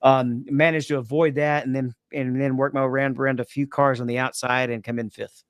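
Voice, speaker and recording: A man's voice: medium pitch, level tone, dry recording. Man, casual podcast chat, rambling race story, dry close sound. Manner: rambling race recap, quick asides. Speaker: podcast co-host.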